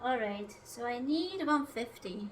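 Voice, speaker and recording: A woman's voice: on the high side, animated, measured pace, distant mic, a little hiss or hum. A woman streaming herself cooking at home, chatting casually, rambling, swearing often and talking to her food and her viewers. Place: home kitchen.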